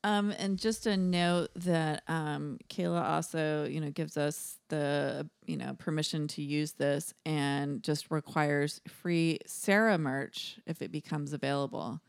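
A woman's voice: deep voice, fairly even intonation, takes it slowly, creaky, few pauses, clean tone, no room sound, clean studio sound. A woman co-hosting a podcast, chatting casually and gushing with enthusiasm. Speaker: podcast co-host and writer. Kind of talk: casual chat.

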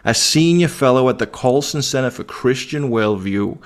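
A man's voice: mid-range voice, animated, moderate pace. English guy in his 40s hosting a podcast, upbeat, cracks jokes, chatty. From England. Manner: upbeat and joking. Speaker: podcast host. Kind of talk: casual podcast interview.

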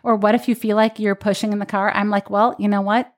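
A woman's voice: medium pitch, fast. A woman who teaches birth classes, telling her own birth story in casual podcast chat, acting out the lines she quotes. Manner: animated storytelling with quoted voices. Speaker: birth educator.

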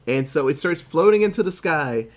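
A man talking through a movie's story in a loose, chatty way, as a podcast co-host would. He jumps into quick character voices as he goes, keeping the retelling lively and offhand. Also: fairly high pitch. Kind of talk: casual movie recap.

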